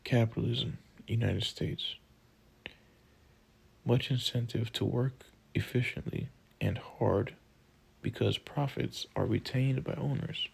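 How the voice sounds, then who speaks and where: Male textbook audiobook narrator, measured delivery, heavy vocal fry, husky tone. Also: mid-range voice, rough recording. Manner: slow, measured reading of list items.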